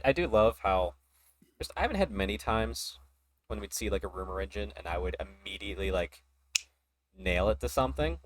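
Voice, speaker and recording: A man hosting a casual hobby podcast, talking in an excited, rambling way and laughing often. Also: low-pitched. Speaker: podcast host.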